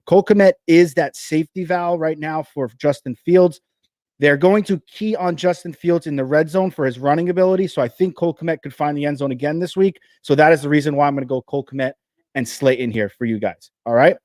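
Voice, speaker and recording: A man with a New Jersey accent hosting a live fantasy football show, talking fast and energetically with frequent restarts. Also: a little high, a little mellow, no echo, studio quality.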